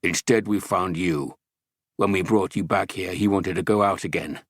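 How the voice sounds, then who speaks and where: A man's voice: sits low, fairly even intonation, normal speed, no room sound, studio quality. A man voicing a big, cunning male mountain trapper who grunts and snarls with menace. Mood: gruff menace.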